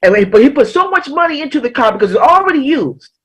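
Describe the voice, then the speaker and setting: A woman giving a motivational talk as a life coach, emphatic, repeating key lines slowly. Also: sits high, big pitch swings, a bit bright, poor audio.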